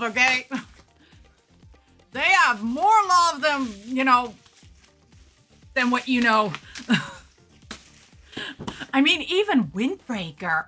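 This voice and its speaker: Casting: excitable woman vlogger, high and bright, gushing chatter. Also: takes it slowly, long pauses, soft background music. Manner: excitable and gushing, gasps and laughs often. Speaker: vlogger unboxing anime figures. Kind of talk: casual chat.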